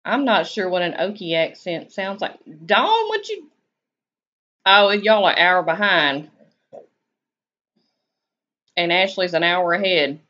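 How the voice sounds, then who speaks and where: A woman's voice: on the low side, fairly even intonation, unhurried, long pauses, sharp tone. A woman with a Southern US accent, chatting casually on her live stream and answering viewers' comments in a laid-back, drawling way. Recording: dull lo-fi stream audio.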